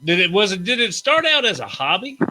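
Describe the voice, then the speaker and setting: A man's voice: sits high, big pitch swings, a little fast, noisy background. A man hosting a casual live-stream interview, chatty and a little flustered as he reads out viewer questions. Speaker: interview host.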